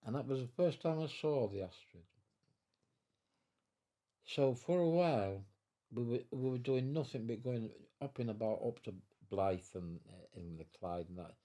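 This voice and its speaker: Very old man, deep mellow storyteller. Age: 90s. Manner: rambling, repeats and restarts, chuckles while telling. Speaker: veteran interviewee. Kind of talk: storytelling interview. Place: his own home.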